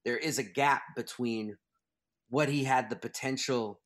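Male author guest, mid-pitched, emphatic and animated, talkative interview style. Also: a little slow. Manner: animated, emphatic, restarts thoughts. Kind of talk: interview conversation.

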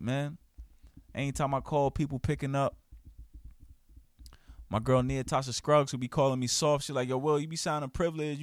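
A man hosting his own podcast, talking in an animated, emphatic, slangy way and acting out quoted friends. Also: medium pitch, dry recording, clean studio sound. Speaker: podcast host. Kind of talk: casual podcast monologue. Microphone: studio podcast mic.

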